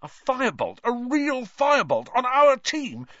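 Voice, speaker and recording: An eager, excitable young team captain, read by a man for an audiobook, his voice leaping high in lively bursts. The recording is dry and a little dull. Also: moderate pace, husky, no room sound, full character voice. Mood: excited.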